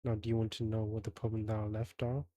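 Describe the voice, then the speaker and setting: Mellow-voiced man streaming a game. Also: on the low side, little pitch movement, fast talker, no room sound. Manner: acting out several characters, laughing. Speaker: streamer playing a courtroom game. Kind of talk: reading game dialogue aloud with voices. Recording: faint game music behind.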